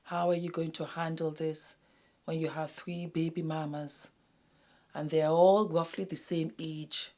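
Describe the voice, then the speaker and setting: Low-voiced woman vlogger, whispering for emphasis. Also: little pitch movement, unhurried. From West Africa. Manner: earnest, dropping to a hushed whisper for emphasis; addresses viewers as "my darlings". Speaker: YouTube host. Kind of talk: casual commentary to camera.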